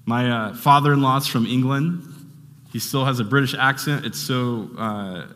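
A male pastor preaches in an easy, conversational manner, often circling back and restarting his sentences. His voice sits at an ordinary middle pitch. The sound carries a long reverb from a large church hall. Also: a little slow, a bit bright. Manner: conversational, rambling with restarts and fillers. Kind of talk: sermon.

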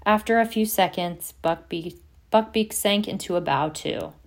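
A woman's voice: mid-range voice, normal speed. Woman reading an audiobook. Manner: steady storytelling, reads several voices. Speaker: audiobook reader. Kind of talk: audiobook narration.

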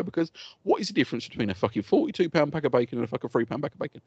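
A man's voice: a little high, very animated, very fast, dull audio, slight background noise. A man co-hosting a podcast, swearing freely and ranting in heated, laughing banter. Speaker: podcast co-host. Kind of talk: casual chat.

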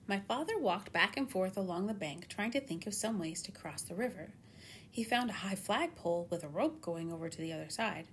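Animated woman reading a storybook. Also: medium pitch, fairly quick. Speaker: audiobook narrator. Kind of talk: storybook narration.

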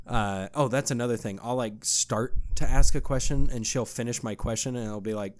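A young man co-hosting a podcast, chatting casually and telling family stories, often mimicking other people in a higher voice and laughing. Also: moderate pace. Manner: animated, laughing storyteller, mimics others in a high voice. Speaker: podcast co-host. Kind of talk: casual chat.

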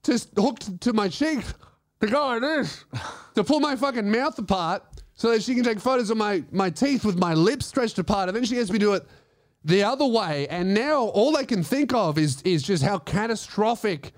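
A man's voice: high voice, expressive, moderate pace, no echo, clean studio sound. An Australian man hosting a comedy podcast, telling stories casually, swearing often and laughing through them. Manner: profane, laughing through his own stories.

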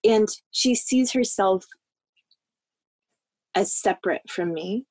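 A woman from the American South, a podcast guest recounting a childhood memory in a halting, heartfelt way. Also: medium pitch, darkish tone, no room sound. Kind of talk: personal storytelling in a podcast interview.

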